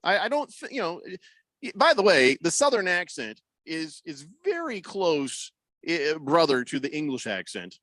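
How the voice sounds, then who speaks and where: A man's voice: a little high, huge pitch swings, normal speed, fairly bright tone, no room sound. A man hosting a radio show, reading listener messages aloud and teasing his co-hosts in casual banter. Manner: teasing, dry joking.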